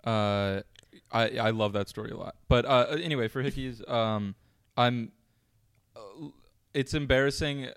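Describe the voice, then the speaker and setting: A man's voice: medium pitch, unhurried, a bit bright, clean tone, no echo, clean studio sound. A young man co-hosting a podcast, chatting casually and rambling with lots of fillers and self-mocking jokes. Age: young adult. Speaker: podcast co-host. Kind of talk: casual chat.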